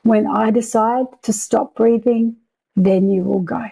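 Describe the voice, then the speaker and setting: Bossy no-nonsense body voice, a lady doing it, kinda gravelly, slow and firm. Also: a little high, fairly even intonation, mellow, exaggerated voice, poor audio. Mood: commanding. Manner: assertive, commanding, no-nonsense. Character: stern willful inner voice of a woman's own body.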